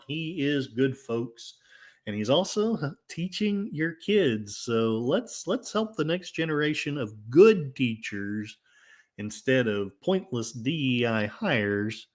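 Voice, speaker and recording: A man with an Oklahoma accent hosting a casual livestream, reading chat comments in a rambling, jokey and self-mocking way. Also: a little high. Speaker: livestream host.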